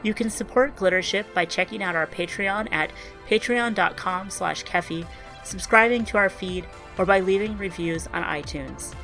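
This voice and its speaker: A woman narrating a short story for a podcast in a measured, even storytelling manner. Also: medium pitch, soft background music. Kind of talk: scripted narration.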